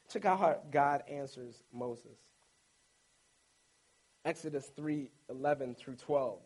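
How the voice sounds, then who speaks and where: A male pastor preaching a sermon, retelling a story in an animated, humorous way with playful asides. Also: medium pitch, slow pace, pauses often, poor audio.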